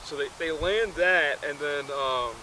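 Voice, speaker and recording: A man rambles through a movie plot, full of fillers and restarts. He talks slowly in a slightly higher voice. Clear outdoor noise fills the background. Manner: rambling, filler-heavy, self-correcting. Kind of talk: casual retelling of a movie.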